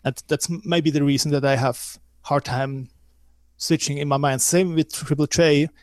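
A man's voice: a little high, steady tone, normal speed, no echo. Emphatic, opinionated male podcast guest. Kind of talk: casual podcast chat.

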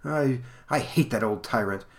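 A man's voice: medium pitch, moderate pace, lightly acted. A man voicing a timid, overworked clerk and father in a comic he reads aloud. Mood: warm. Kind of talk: comic read aloud on a podcast.

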